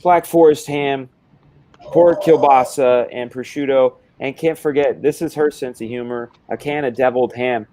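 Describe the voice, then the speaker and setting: A man's voice: medium pitch, steady tone, moderate pace, mellow, no echo. A man hosting a casual live stream, rambling and hesitant with lots of fillers. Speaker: stream host.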